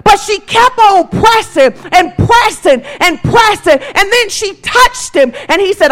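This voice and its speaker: A woman pastor preaching a sermon in a church, impassioned and repetitive, rising to shouts. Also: extremely high pitch, expressive, a little slow, few pauses.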